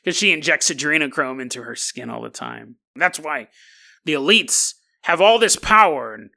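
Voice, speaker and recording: A podcast host voicing a conspiracy believer who talks in a low, hushed, knowing way. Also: animated, moderate pace, creaky. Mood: conspiratorial.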